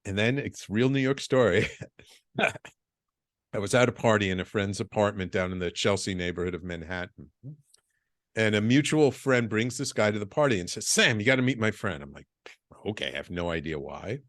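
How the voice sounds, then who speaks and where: A middle-aged man guesting on a podcast, telling his business story with lively acted-out dialogue and stumbling restarts. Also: lowish voice, normal speed, dry recording, studio quality. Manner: animated storyteller, acts out quoted dialogue, frequent restarts. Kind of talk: storytelling interview.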